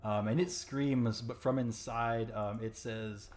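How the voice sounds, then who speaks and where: A man's voice: mid-range voice, fairly even intonation, takes it slowly, darkish tone. A man narrating as game master for a tabletop roleplaying game, chatty and full of fillers.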